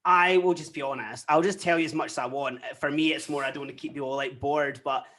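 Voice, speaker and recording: A young adult guest with a Scottish accent, telling personal stories candidly in a casual interview, often quoting themselves and others. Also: male voice, fairly high pitch, quick pace. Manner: candid, animated storytelling with frequent quoted asides.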